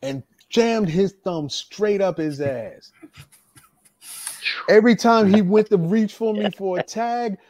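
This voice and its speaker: Man, casual storyteller, animated, acts out quotes, close dry sound. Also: high voice, slow, no echo. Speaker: retired wrestler telling stories.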